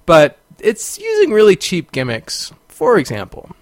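A man's voice: sits high, huge pitch swings, unhurried, no room sound. A man hosting a podcast, telling a story in a casual monologue, rambling with fillers and bursting into exclamations. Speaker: podcast host.

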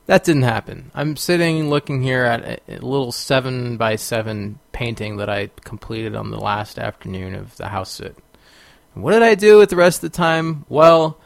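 A man with a medium-pitched, gravelly voice, recorded with no echo, hosts a podcast and tells a story in a casual monologue. He rambles with fillers and bursts into exclamations.

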